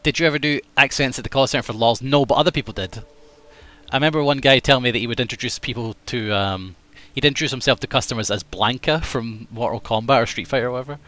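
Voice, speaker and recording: A man's voice: mid-range voice, fast, fairly bright tone. A man streaming a game, chatting casually and joking about his own attempts at voices. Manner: playful, self-critical, trying out voices. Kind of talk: casual gaming livestream chat.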